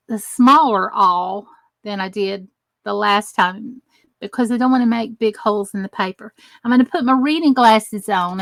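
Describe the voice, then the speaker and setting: A woman's voice: on the high side, no echo. Chatty woman hosting a live craft stream. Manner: chatty, greets viewers by name while working with her hands. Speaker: crafting channel host. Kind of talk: live crafting tutorial with viewer chat.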